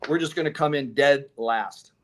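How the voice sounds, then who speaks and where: A man's voice: medium pitch, normal speed. A man, a solar company co-owner, telling stories in a casual interview, acting out other people's lines and laughing as he goes. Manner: animated, acts out dialogue with laughs.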